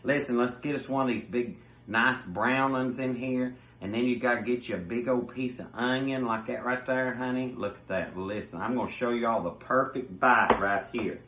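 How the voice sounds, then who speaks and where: A man's voice: medium pitch, moderate pace, a bit bright. A man with a Southern US accent hosting a home cooking show, folksy and effusive, calling his viewers honey. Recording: echoey room.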